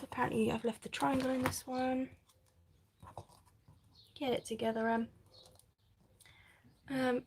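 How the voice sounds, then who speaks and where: A woman's voice: fairly high pitch, a little hiss or hum. A woman hosting a live crafting stream, chatting casually, reading viewer comments and laughing often. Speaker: craft channel host.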